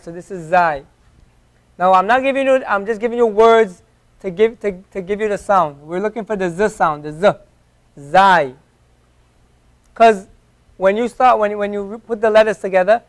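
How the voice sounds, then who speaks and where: A man teaching an Arabic class, patiently drilling each letter sound again and again for his learners in a classroom. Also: high voice. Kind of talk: classroom lesson.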